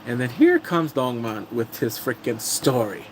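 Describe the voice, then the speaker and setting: A man recapping TV dramas for his live-stream viewers, his pitch swinging all over the place as he acts out the characters. His voice sits in an ordinary middle register. A faint hum of noise runs under the recording. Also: measured pace, rough recording. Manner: animated storytelling, acting out characters' lines in exaggerated voices.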